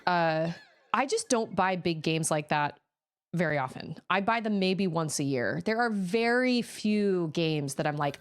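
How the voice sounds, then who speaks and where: A woman streaming a game, chatting casually and reacting with quick exclamations as she plays. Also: on the low side. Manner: chatty, animated, quick exclamations and laughs while playing. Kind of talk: casual live-stream chat while gaming. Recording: faint game music behind.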